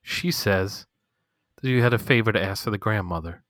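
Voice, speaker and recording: Brief: animated male podcast co-host, bright tone, very dry close sound, loose and profane recap. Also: fairly low pitch, normal speed, no echo. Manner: animated, swears freely, acts out characters' lines. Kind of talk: casual TV episode recap.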